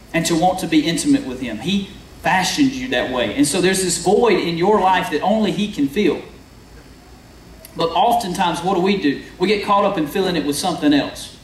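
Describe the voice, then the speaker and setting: A young man preaching a sermon, telling a story in a chatty way and asking the crowd questions. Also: a little high. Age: young adult. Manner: conversational storytelling, addresses the crowd. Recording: echoey hall from far off, faint noise.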